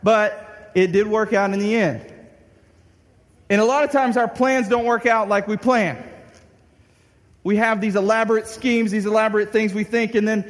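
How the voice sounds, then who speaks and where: A young man preaches through a funny personal story, his voice pitched high and ringing with a long hall reverb. He acts out his own frustration, now and then breaking into a shout. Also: fairly even intonation, moderate pace, long pauses. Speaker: pastor. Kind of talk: storytelling sermon.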